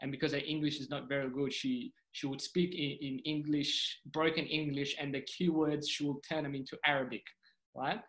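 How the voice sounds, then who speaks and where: Animated young man telling stories. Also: fairly high pitch, moderate pace, rough recording. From Sudan. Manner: animated, acts out quoted voices. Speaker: stand-up comedian guest. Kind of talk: casual storytelling chat.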